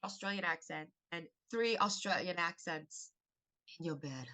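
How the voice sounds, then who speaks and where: A woman comedian telling a story as a podcast guest, animated and theatrical. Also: fairly low pitch, a little slow. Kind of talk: storytelling in casual chat.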